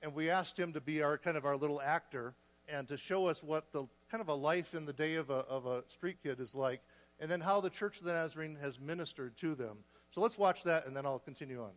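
A man's voice: on the high side, a little fast. A man giving a folksy, storytelling missionary talk in church, chuckling and acting out the dialogue. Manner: folksy, laughing, acts out dialogue. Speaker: missionary speaker. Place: church hall. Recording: reverberant hall.

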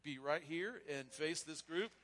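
A man serving as pastor, leading a church membership service in a loose, casual way and then reading vows and creed in a measured voice. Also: a little high, a little hiss or hum. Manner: casual and warm, with frequent restarts; reads liturgy aloud in a measured voice. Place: church sanctuary.

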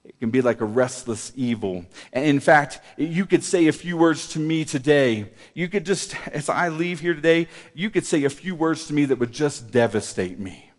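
A middle-aged male pastor preaching a sermon in a church, animated, swinging between loud emphasis and quiet asides. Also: on the high side, normal speed. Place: church hall. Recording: long reverb of a church hall.

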